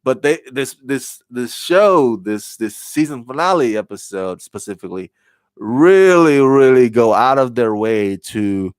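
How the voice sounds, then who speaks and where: A man's voice: mid-range voice, lively intonation, a little slow, clean tone, dry recording. A man giving a casual spoken TV review, rambling and repeating words as he thinks aloud. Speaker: TV show reviewer.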